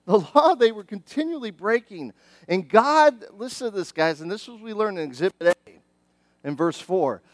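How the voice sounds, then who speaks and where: High-voiced middle-aged man preaching. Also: no room sound. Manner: animated, conversational preaching with many restarts. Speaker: pastor. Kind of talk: sermon.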